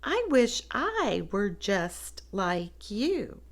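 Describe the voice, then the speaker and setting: A woman voicing a cheerful young pig who wishes to be like his friend, reading slowly from a picture book. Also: medium pitch, sing-song, heavily acted. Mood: wistful. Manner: slow, drawn-out storybook reading. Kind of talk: picture book read-aloud.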